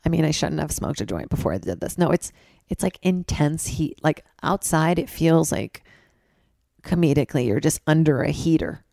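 A young woman with a low, gravelly voice rambles through a casual solo podcast in a hotel room. She mocks herself and breaks into loud, high-pitched bits. The sound is close and dry. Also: lively intonation, normal speed, dry recording. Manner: loose, rambling, self-mocking, swings into loud high bits. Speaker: podcast host. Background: ice machine outside.

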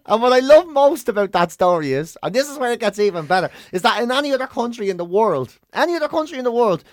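A speaker with a Dublin Irish accent spins stories on a podcast, the pitch swinging up and down with lots of life. The sound is close and dry, with the natural timing of a stand-up comedian. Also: quick pace, no room sound. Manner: animated anecdote-telling. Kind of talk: casual chat.

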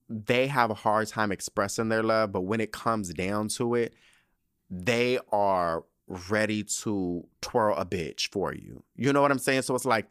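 A man hosting a casual solo podcast, recapping a TV episode in an animated, profane, slang-filled way with dramatic asides. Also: fairly low pitch, no room sound, studio quality.

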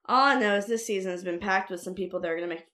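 A woman co-hosting a casual podcast, chatty and playful as she trades quips. Her pitch sits in a middle range for a woman. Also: racing, sharp tone. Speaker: podcast co-host. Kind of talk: casual chat.

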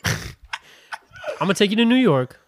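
A man co-hosting a podcast in casual chat, teasing and firing quick questions. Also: sits high, big pitch swings, dry recording. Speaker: podcast co-host.

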